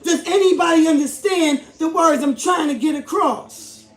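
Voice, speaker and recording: A man hosting a commentary vlog, talking emphatically, repeating himself and building up to shouting. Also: very high voice, moderate pace, faint music behind. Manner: emphatic, repetitive, rising to shouts. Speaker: YouTube host. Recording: echoey room.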